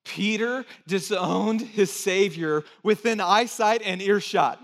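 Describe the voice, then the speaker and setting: A male pastor preaching a sermon in a church, slow and emphatic with dramatic pauses. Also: sits high. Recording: long church hall reverb.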